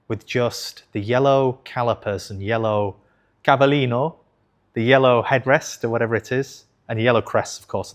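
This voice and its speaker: A man in his thirties telling a personal story to camera in a frank, conversational way, swearing casually and correcting himself as he goes. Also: medium pitch. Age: 30s. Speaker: investing channel host.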